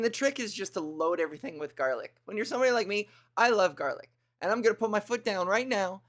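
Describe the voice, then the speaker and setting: A woman hosting a comedy livestream, chatting casually with viewers in a rambling, crude, playful way. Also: mid-range voice. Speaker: comedy streamer host.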